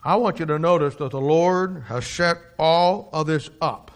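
A male preacher delivering a sermon with a slightly high voice. He reads scripture slowly and solemnly, then shifts into folksy, animated storytelling full of asides. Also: clean tone.

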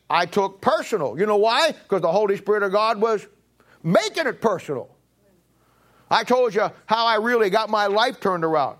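A middle-aged man preaching a sermon, telling a personal story and swinging from emphatic peaks to low, quiet stretches. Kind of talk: sermon testimony.

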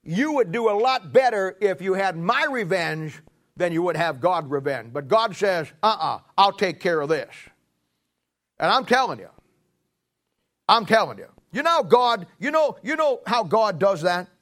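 A man delivering a sermon in a fairly high voice. He hammers his points home by repeating them, then drops to a hushed, drawn-out delivery. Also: sing-song. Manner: emphatic, repetitive, swings between loud and hushed. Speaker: preacher.

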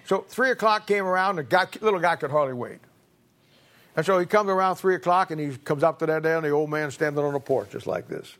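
A man's voice: a little high, a little fast, a bit bright. A male preacher telling a folksy story in his sermon, often repeating words as he goes.

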